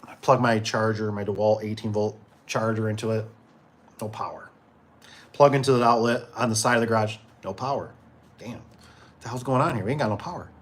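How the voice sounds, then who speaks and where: A man's voice: on the low side, fairly even intonation, fairly quick, pauses often. A man who runs a garage door business, telling work stories in a casual, rambling way with many fillers and restarts. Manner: rambling, full of fillers and restarts, acts out quotes. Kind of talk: casual storytelling chat.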